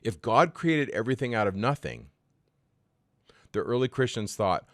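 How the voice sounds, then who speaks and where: A man who works as a teacher, explaining ideas in a casual podcast discussion with an animated, self-deprecating manner. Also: mid-range voice, normal speed, no echo, studio quality.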